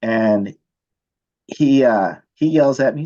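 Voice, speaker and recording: A man lecturing on chemistry in a loose, talkative way, tossing in "right?" as he goes. His voice sits at a middle pitch, and the lo-fi recording dulls it a little. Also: takes it slowly, long pauses. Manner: animated, casual, repeats "right?" often. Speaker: chemistry teacher. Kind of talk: storytelling lecture.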